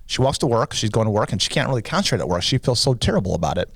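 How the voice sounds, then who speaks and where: A man co-hosting a podcast, telling a long joke in casual chat and pitching his voice up to play the characters. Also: rapid-fire, vocal fry, breathy edge, no echo. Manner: animated storyteller, pitches voice up for characters. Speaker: podcast co-host.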